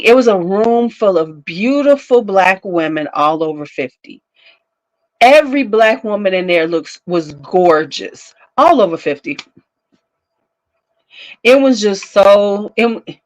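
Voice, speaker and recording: A woman's voice: medium pitch, animated, takes it slowly, rough recording. A woman in her fifties hosting a casual livestream chat from home, telling stories with frequent laughs and talking back to her viewers. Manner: chatty storyteller, laughs often, talks back to viewers. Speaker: beauty channel host.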